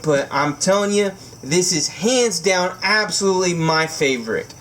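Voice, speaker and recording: A man unboxing a knife for his vlog, gushing and giggling, so excited he says it makes him emotional. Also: high-pitched, moderate pace, slight background noise. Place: indoors at home by candlelight.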